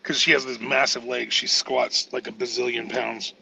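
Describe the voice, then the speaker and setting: A man's voice: mid-range voice, level tone, moderate pace, gravelly, pushed and bright, a little hiss or hum, poor audio. A man joining a casual panel chat and cracking blunt, crude jokes.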